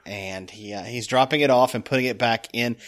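A man's voice: medium pitch, a little fast. A young adult man co-hosting a podcast, chatting casually and jokily about a classic film. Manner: jokey, slips into playful put-on voices. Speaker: podcast co-host. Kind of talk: casual movie chat.

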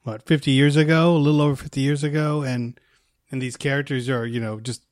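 A man's voice: mid-range voice, fairly even intonation, fast, no room sound. Man, middle-aged, podcast co-host, enthusiastic, restarts often, trails off, dry sound. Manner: enthusiastic, many repeated words and restarts, trailing off softly. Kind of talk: casual movie chat.

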